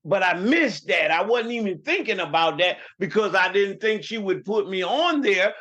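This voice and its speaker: A man's voice: sits high, expressive, normal speed, bright, forceful tone. A man in his fifties with a New York accent, telling family stories in a rambling, casual way as a podcast guest. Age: 50s. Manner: storytelling, rambling with many restarts. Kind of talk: casual chat.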